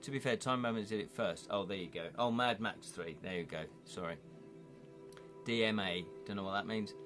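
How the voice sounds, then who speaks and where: A man's voice: on the low side, moderate pace, music in the background. A man hosting a live-streamed interactive gamebook, chatty and rambling as he reads chat comments aloud and asks viewers to vote.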